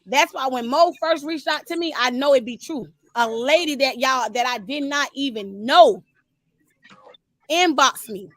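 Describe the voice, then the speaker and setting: Speaking at a measured pace, a woman with a high-pitched voice gives a casual, animated testimony of her own story, frequently calling out to those listening. The sound is close and dry, with no echo and little room.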